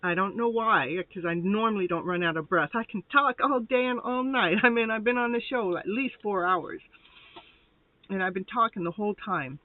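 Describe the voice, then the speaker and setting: Speaking at normal speed in a medium-pitched voice, this woman hosts a casual live tarot reading. She's chatty and rambling, laughs a lot, and sounds a little out of breath, all over a dry, tinny line that sounds like a phone.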